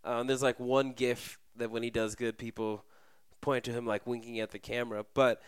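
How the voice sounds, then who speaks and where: A man co-hosting a sports podcast, riffing in a loose, wry way and peppering his talk with "like". His voice is smooth and clear, and the recording is close and dry. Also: medium pitch, normal speed, no room sound. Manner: animated, heavy use of "like", wry remarks. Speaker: podcast co-host. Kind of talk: casual sports podcast chat.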